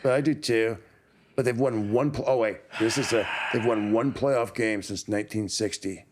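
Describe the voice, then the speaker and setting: A man's voice: lowish voice, fairly even intonation, normal speed. A man from Detroit hosting a casual interview, bantering with his guest in an easygoing, joking way. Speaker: podcast host.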